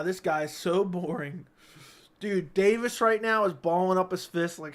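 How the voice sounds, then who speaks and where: A man hosts a casual livestream from his home setup, reading out chat messages. He jokes crudely and needles his viewers, his voice sitting a bit high for a man. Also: moderate pace, a bit bright. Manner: crude, joking, teasing chatters. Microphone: studio dynamic mic.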